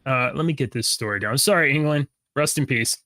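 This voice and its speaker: A man's voice: mid-range voice, a little fast, bright, forceful tone, no echo, clean studio sound. A man co-hosting a podcast in casual chat, rambling and restarting his sentences and laughing at his own jokes. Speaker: podcast co-host.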